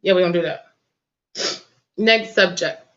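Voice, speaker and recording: A woman's voice: lowish voice, a little slow, fairly bright tone, dull audio. A woman hosting a political talk show, impassioned and tearful, speaking in casual slang. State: crying. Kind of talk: emotional political commentary.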